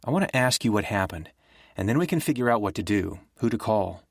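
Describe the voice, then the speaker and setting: A man voicing a gentle middle-aged former professor who speaks softly and calmly in an audiobook. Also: fairly low pitch, brisk, creaky, dry recording, studio quality. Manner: soft, calm, reassuring.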